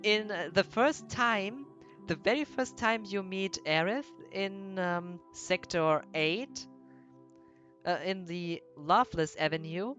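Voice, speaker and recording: Brief: woman streaming a game, slow chatty commentary, faint music behind. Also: medium pitch, fairly bright tone, dull audio. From Germany. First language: German. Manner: chatty, explaining with many fillers. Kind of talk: gameplay commentary.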